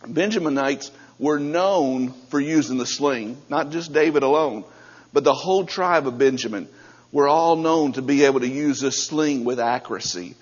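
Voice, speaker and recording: A man preaching a sermon, moving from a quiet prayer into fervent, rising storytelling. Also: medium pitch, moderate pace, breathy edge. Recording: muffled hall recording with long reverb.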